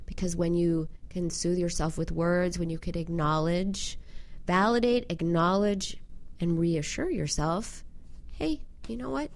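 Animated woman giving self-help advice. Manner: animated, acts out quoted voices in a higher pitch. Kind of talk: advice talk on emotional eating.

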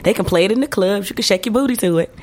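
A woman's voice: mid-range voice, lively intonation, racing, a little mellow. A woman singer, a guest in a casual interview, talking upbeat with frequent laughs. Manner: upbeat, laughs often, breaks into song.

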